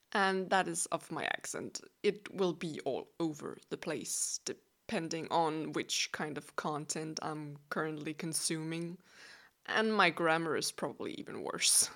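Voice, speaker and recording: Danish-accented young woman, gravelly low voice. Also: fairly bright tone. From Denmark. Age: 20s. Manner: chatty, self-deprecating and playful. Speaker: podcast host. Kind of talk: relaxed solo podcast monologue.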